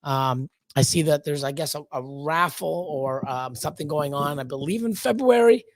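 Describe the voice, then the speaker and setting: A man hosting a livestream greets chat viewers one at a time, rambling loosely with lots of fillers. His voice is a little high, his speed normal, and there's no room sound.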